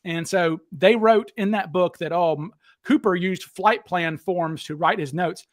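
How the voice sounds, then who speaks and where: A Southern man with a fairly high voice talks bluntly and combatively as he hosts a live discussion. He is animated and quick to call claims false. The sound is dry and close. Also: dry recording. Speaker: host. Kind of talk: heated livestream discussion.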